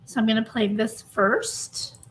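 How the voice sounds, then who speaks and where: A woman hosting a true crime livestream, chatty and a bit hurried, sounding emotionally drained as she greets viewers by name. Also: fairly high pitch, lively intonation, a little hiss or hum. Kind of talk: casual livestream chat.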